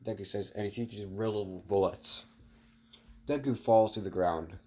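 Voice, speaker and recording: A man's voice: fairly low pitch, normal speed, a little mellow. A man casually narrating an improvised story, rambling with fillers and restarts and talking to his viewers. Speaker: online storyteller.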